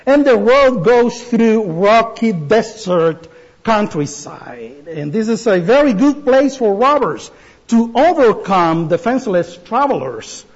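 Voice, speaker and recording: Guy giving a sermon, high-pitched, slow and careful. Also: big pitch swings, muffled recording. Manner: slow, deliberate delivery with pauses and restarts. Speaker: preacher.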